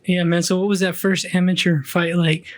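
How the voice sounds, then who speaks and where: Flat-toned higher male podcast host. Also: normal speed. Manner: short reactions and easygoing questions. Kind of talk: casual interview.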